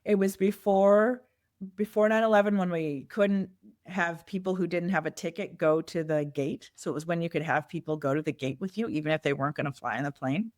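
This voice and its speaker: A middle-aged nonprofit fundraising consultant appears as a podcast guest, reflectively and candidly telling personal stories and voicing quoted dialogue. Her lowish voice is brisk and a little mellow, with clean studio sound and no room sound.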